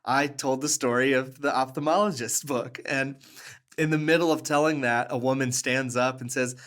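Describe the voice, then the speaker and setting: A man telling stories as a podcast guest, animated and earnest, often laughing and restarting his sentences. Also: mid-range voice, moderate pace. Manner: earnest, warm, with fillers and restarts. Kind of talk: conversational storytelling.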